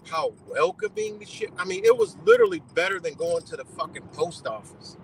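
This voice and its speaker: A man hosting a livestream, talking in an animated, profane rant and repeating himself in disbelief. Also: a little high, normal speed, gravelly, a little hiss or hum, poor audio. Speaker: livestream host.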